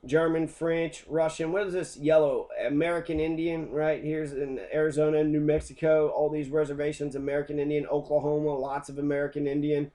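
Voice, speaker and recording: A man's voice: fairly high pitch, flat delivery, a little fast, few pauses, warm tone. A man teaching a history lesson as an angry, profane rant, swearing constantly.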